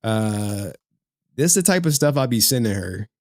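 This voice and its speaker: A man's voice: lowish voice, expressive, measured pace, dry recording, clean studio sound. A man hosting a casual livestream, talking to his chat in a slangy, profane way and laughing often. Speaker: streamer host.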